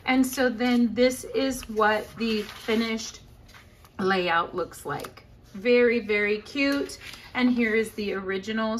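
Chatty woman showing a craft project. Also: a little high. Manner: chatty, upbeat, many fillers. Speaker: scrapbooking demonstrator. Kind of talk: casual crafting tutorial.

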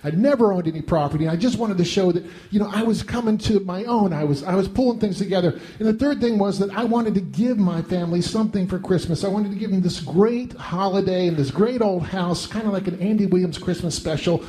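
A middle-aged man telling a self-deprecating comic monologue in an animated way. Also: high voice, fairly quick, hardly any pauses. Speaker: storyteller.

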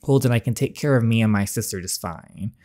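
A man's voice: medium pitch, brisk, mellow, natural voice. A man voicing a young southern woman who protects her little sister, read earnestly with feeling. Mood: defensive.

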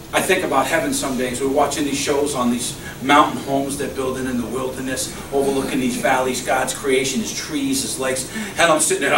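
A middle-aged male pastor preaching a sermon, swinging from loud exclamations to soft, low murmurs, recorded in a church. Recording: echoey church hall, mic at a distance, faint hum.

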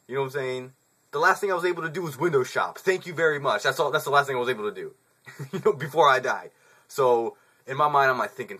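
A man's voice: medium pitch, fast, bright, forceful tone. A man in his twenties casually telling a story to camera, in slangy, profane speech with frequent chuckles. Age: 20s.

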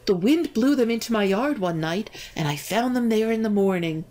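A woman's voice: animated, normal speed, warm tone, lightly acted. A woman voicing a tiny, eager young girl witch who turns stubborn, reading from a storybook. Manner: high, pleading, emphatic.

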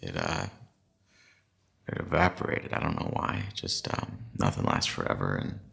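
An American actor playing an actor in London, talking in an awkward, halting way and stumbling over his words. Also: rumbling low, very animated, creaky, fairly bright tone, exaggerated voice. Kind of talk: short film acting.

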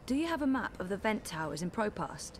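A woman's voice: mid-range voice, very animated, brisk, slight background noise, lightly acted. A woman voicing a wary young adventurer in a game, polite and hesitant.

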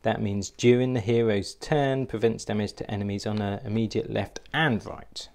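A man's voice: on the low side, steady tone, moderate pace, darkish tone. A man narrating a solo board game playthrough, thinking aloud and hesitating with fillers as he works out each move.

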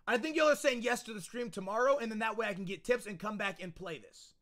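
A man streaming a video game live, excitable and loud, chatting with viewers and often repeating his phrases. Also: sits high, fast talker. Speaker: gaming streamer. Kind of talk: energetic livestream chat.

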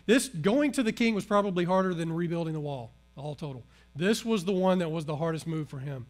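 Pastor type, man with a slightly high voice, preaching with loud, then hushed delivery. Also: fast talker. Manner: animated, swings from loud emphasis to hushed earnestness. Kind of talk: sermon.

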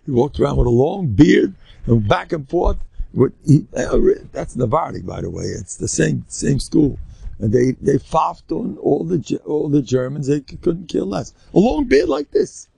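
Older rabbi with a gravelly, husky voice. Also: male voice, fairly high pitch, moderate pace, no room sound. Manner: animated storyteller, rambling asides, sprinkles Yiddish words. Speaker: rabbi giving a lecture. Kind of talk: informal Torah lecture.

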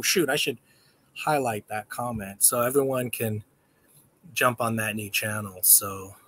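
On a casual livestream, a male host talks in a rambling, halting manner, restarting often, and slips into high-pitched baby talk whenever he speaks to a dog. His voice is a bit bright, with slight background noise.

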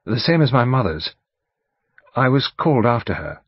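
A man reading an audiobook, voicing an earnest, determined young woman in her early twenties with a faintly husky voice, frank but a little hesitant. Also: mid-range voice, big pitch swings, normal speed, no echo. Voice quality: faint agreeable huskiness. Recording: dull studio audiobook recording.

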